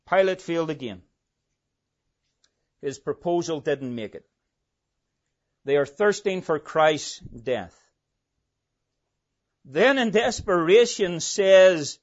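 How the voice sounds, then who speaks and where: Male preacher delivering a dramatic sermon, loud emphasis then hushed asides, unhurried, muffled lo-fi sound. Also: on the high side, expressive. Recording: dull lo-fi recording.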